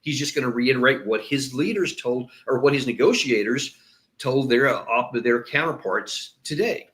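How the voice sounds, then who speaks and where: A man's voice: mid-range voice, moderate pace, fairly bright tone. A man hosting political commentary, talking emphatically and often breaking off to restart his sentences. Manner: emphatic, repeats words when stressing a point. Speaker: host and commentator. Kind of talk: solo political commentary with played clips.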